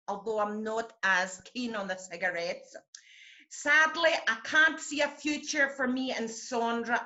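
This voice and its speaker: A woman's voice: fairly high pitch, sharp tone, highs cut off. A woman playing a brash Scottish TV critic who tells bawdy, boastful tall tales in a comic monologue over a video call. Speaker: TV critic character.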